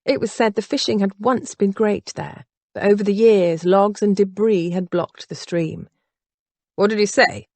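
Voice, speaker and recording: A woman narrating an audiobook in an expressive, varied way. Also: medium pitch, moderate pace, hardly any pauses, no echo. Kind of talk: scripted narration.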